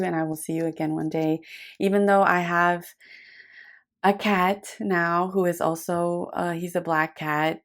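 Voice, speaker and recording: A young woman with a low voice gives a tarot reading as if to one listener. She talks gently and affectionately, wandering off with fillers and little asides. Her tone stays intimate and reassuring. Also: smooth. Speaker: tarot reader.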